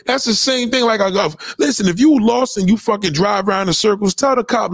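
A man hosting a livestream, ranting bluntly and lecturing his viewers between shout-outs. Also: high-pitched, a little fast, vocal fry, dry recording, studio quality. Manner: blunt and preachy, swears constantly, lectures the chat. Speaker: livestream host. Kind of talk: profane livestream rant.

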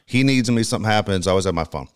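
Very deep-voiced middle-aged male radio host. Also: animated, rapid-fire, clear, resonant tone. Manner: rambling, emotional storytelling with profanity. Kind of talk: casual sports talk.

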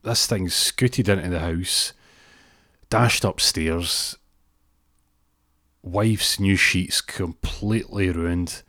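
A flustered, wealthy pig owner pleads and rambles in a Scottish accent, as a man puts him on in his own low voice. The sound is dry and close. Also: very slow, long pauses, pushed and bright, no room sound, full character voice. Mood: pleading.

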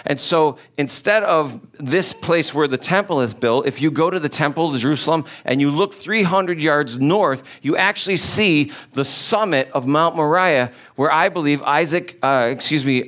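Male pastor, emphatic sermon delivery, somewhat high voice. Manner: animated, emphatic rhetorical questions.

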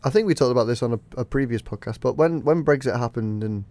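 A man's voice: medium pitch, fast talker, darkish tone. A man co-hosting a podcast, chatting casually, teasing his co-host and laughing often. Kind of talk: casual chat.

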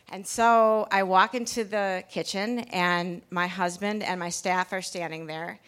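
A woman's voice: lowish voice, fairly even intonation, unhurried, hardly any pauses, fairly bright tone. A woman pastry chef telling a candid personal story to a live audience in a packed bar, chatty and full of restarts. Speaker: pastry chef giving a talk.

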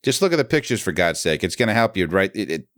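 Deep-voiced man, casual podcast host. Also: sing-song, fast, a bit bright, no echo, studio quality. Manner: swears freely, laughs often. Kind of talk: casual chat.

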